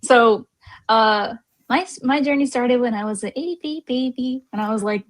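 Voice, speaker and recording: A woman's voice: a little high, moderate pace. A woman on a video call telling her story as a cast member, bashful and giggling often. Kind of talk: casual group chat.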